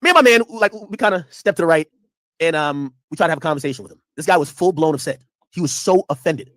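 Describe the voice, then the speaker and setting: A man's voice: fairly high pitch, quick pace, dry recording, studio quality. A man streaming casual commentary, telling a story in a loose, profane way and acting out the people in it. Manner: animated, profane, acts out quotes.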